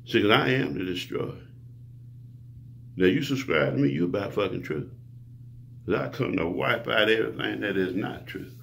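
A man's voice: fairly low pitch, gravelly, a bit bright, slight background noise. A man preaching a rambling monologue to his viewers, grandiose and profane, lecturing the listener. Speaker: self-styled preacher.

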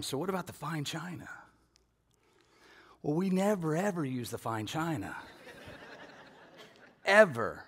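Animated storytelling pastor in a reverberant hall. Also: male voice, fairly high pitch. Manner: animated, acts out family voices with shouts and laughs. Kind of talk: storytelling sermon.

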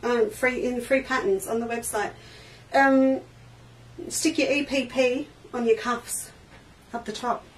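A quilting shop host runs a live crafting demo in an indoor craft studio, chatting with viewers and reading their comments aloud as she works. Her voice is slightly high and steady, a touch slow, picked up by a distant mic with faint noise.

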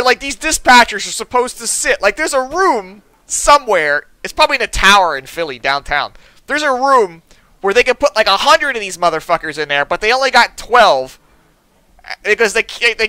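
A man's voice: sits high, clear, resonant tone, no echo, poor audio. A young man ranting to his live stream audience, swearing constantly and mocking people with put-on voices. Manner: profane, animated storytelling with mocking voices.

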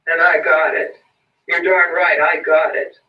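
Bitter blind beggar figure read aloud by a man, high whining voice, roomy muffled distant sound. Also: flat delivery, unhurried, close to an everyday voice. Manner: whining, pleading, rising to frantic cries. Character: bitter blind male peddler, begging, self-pitying.

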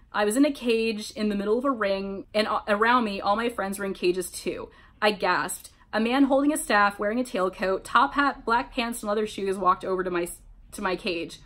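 A woman hosting a read-aloud of a fan story, narrating in an animated, mock-dramatic way. She breaks off for wry asides of her own. Her voice sits at a middle pitch. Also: moderate pace. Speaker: reader, channel host. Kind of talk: reading fan fiction aloud with commentary.

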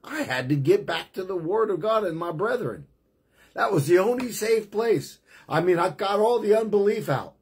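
A man's voice: sits high, animated, moderate pace, darkish tone, slightly rough. A middle-aged man preaching a fervent testimony sermon, emphatic and punctuated with amens.

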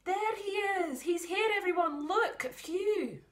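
A woman voicing an excited young child in a storybook reading, with a high, loud, exclaiming voice. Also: slow pace, heavily acted.

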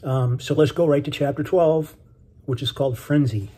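A man's voice: a little high, moderate pace, husky. A middle-aged man, an author, chatting casually with many ums before reading his book aloud. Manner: relaxed and friendly, many ums and uhs.

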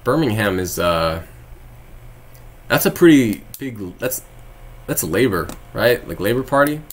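A man's voice: lowish voice, very animated, unhurried. A young man from Texas, live-streaming and chatting casually with viewers, rambling with frequent laughs and sarcastic asides.

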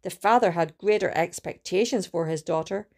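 A woman reading a storybook aloud with a steady, careful delivery and small restarts. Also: on the low side, moderate pace. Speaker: student reader.

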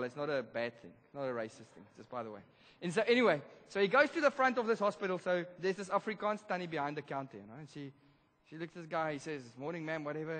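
Man preaching in a reverberant hall. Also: fairly high pitch. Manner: animated storytelling, swings from loud to hushed. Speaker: pastor. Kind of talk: sermon storytelling. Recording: long church hall reverb.

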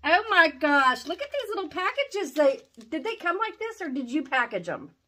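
Gushing woman, very animated pitch. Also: a little fast. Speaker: vlogger opening fan mail. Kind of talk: excited unboxing chat.

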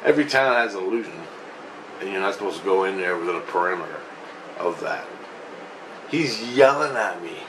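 A man telling a rambling, profane story in a casual vlog, getting excitable as he goes. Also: low voice, brisk, pauses often, noisy background. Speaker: vlogger.

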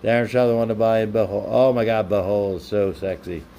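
A man's voice: on the low side, fairly even intonation, fairly quick, creaky, warm tone, a little hiss or hum. Man chatting casually on a live stream. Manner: reads viewer comments aloud and answers them; playful, teasing banter.

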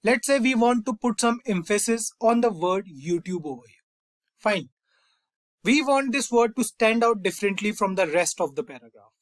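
A man's voice: high voice, normal speed, no echo. Man teaching code, dry close voice. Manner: steady explaining tone, often says "fine" and "over here". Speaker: coding tutorial host. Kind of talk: screen-recorded coding lesson.

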